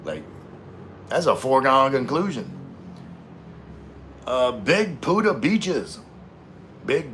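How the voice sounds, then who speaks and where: A man's voice: mid-range voice, a bit bright, a little hiss or hum. A man hosting a casual livestream, reading chat messages aloud in a laid-back, slangy, rambling way while having a few drinks.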